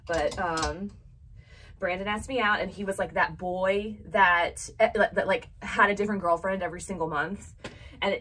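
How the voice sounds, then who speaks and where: A woman's voice: medium pitch, fairly bright tone, far from the mic, a little hiss or hum, rough recording. A woman co-hosting a casual chat, giving plain advice and sharing a memory of her own. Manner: chatty, gives plain advice.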